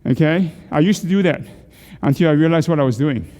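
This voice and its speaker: In a church hall, a middle-aged man guides a class through neck exercises, offering coaching, posing questions and cracking jokes. He speaks fairly quickly in a fairly high, slightly mellow voice that carries the spacious sound of a large room.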